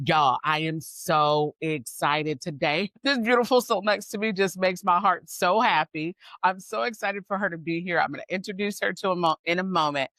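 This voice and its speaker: A woman hosting a podcast who gushes warmly and calls out to her listeners as "y'all" and "squad", sounding excited and emotional. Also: fairly low pitch, moderate pace, hardly any pauses, dry recording. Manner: effusive and gushing, talks straight to listeners as "y'all" and "squad". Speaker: podcast host and coach. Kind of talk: upbeat podcast chat.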